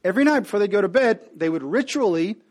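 A man preaching a sermon with humor, telling the story playfully and acting out the characters in quick voices while speaking to the congregation. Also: high voice, expressive. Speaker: pastor.

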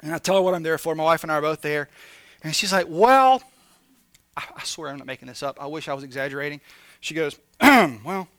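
A high-pitched man delivers a casual sermon, his voice sharp and bright. He shifts between playful, animated asides and earnest confession to the people listening. The sound is dry and close. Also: fast talker, no echo. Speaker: pastor. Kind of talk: conversational sermon.

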